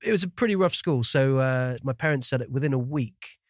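A man's voice: mid-range voice, expressive, fairly quick, no room sound, studio quality. A man from the Shetland Islands with a mostly neutral British accent, hosting a podcast in casual, self-deprecating chat and laughing often. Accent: neutral British with faint traces. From Shetland Islands, Scotland. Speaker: podcast host.

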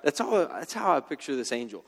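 In a slightly high, sing-song voice that runs a little fast, a young youth pastor gives a slangy, easygoing sermon to a youth group. He narrates loosely, friend-style, and the hall adds a long reverb.

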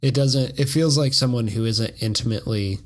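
A man's voice: medium pitch, a little fast. A man co-hosting a casual film podcast, teasing his co-hosts in a dry way. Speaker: podcast co-host. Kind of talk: casual chat.

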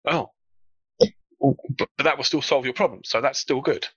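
A man's voice: mid-range voice, unhurried, husky, dry recording. A man with a slight frog in his throat, talking casually on a panel and acting out quoted colleagues. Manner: animated, acts out quoted colleagues. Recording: dull, dry lo-fi recording.

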